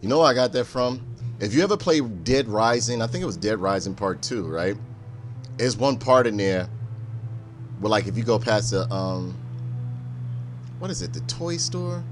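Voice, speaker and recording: A man streaming a game, joking and cursing in an animated, storytelling way. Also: on the low side, measured pace, pauses often, a little hiss or hum. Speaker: gaming streamer. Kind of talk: casual let's-play commentary.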